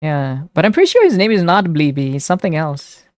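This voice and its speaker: A young woman live streamer chatting casually with her viewers, reading their messages aloud and reacting excitedly. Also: deep voice, fairly quick, no room sound, clean studio sound. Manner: chatty, reads chat aloud and answers it, excitable.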